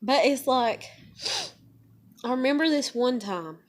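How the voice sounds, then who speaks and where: A woman venting in a rambling, casual monologue, full of fillers and quoted thoughts, rising loud when excited. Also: sits high, measured pace. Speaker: vlogger.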